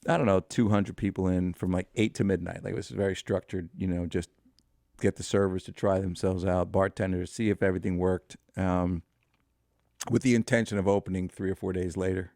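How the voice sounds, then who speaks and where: Deep-voiced man telling a story. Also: steady tone, a little fast, darkish tone, no echo, clean studio sound. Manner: rambling, anecdotal, frequent fillers and restarts. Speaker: podcast guest, restaurateur. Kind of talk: storytelling in a podcast interview.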